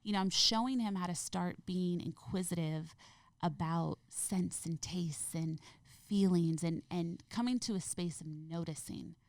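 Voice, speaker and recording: A woman speaking as a podcast guest in an earnest, gentle, heartfelt way. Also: on the low side, measured pace, no echo, clean studio sound. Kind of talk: reflective interview conversation.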